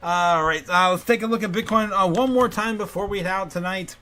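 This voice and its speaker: Chatty male stream host, bright and a bit high, laughs a lot. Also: fairly quick, soft background music. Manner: giggly, filler-heavy, reads chat aloud. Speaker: livestream host. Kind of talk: casual livestream chat.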